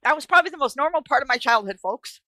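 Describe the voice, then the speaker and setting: A middle-aged woman from New York hosts a live stream and tells a story in a blunt, profane way. Her voice is bright and forceful. The sound is close and dry. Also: high voice, expressive, quick pace, no echo, poor audio. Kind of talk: casual storytelling.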